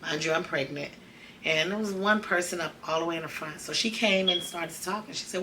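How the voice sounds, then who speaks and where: A woman's voice: fairly low pitch, a little fast, sharp tone, a little hiss or hum. A woman, host of a podcast, telling a personal story in a conversational, emotional way and acting out the dialogue. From Chicago.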